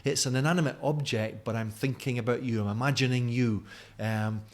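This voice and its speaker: A man's voice: mid-range voice, steady tone, a little fast, a little mellow. Mild Scottish man, chatty teacher trainer. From Scotland. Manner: friendly and chatty, with many fillers. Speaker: teacher trainer giving a conference talk. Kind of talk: recorded video talk to camera. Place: home at night. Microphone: camera in front of him.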